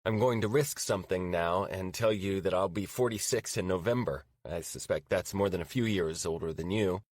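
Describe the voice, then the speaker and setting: An actor playing a man in his forties who flirts by email, read warmly and playfully as an audiobook drama. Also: low voice, normal speed, no echo, clean studio sound. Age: 40s.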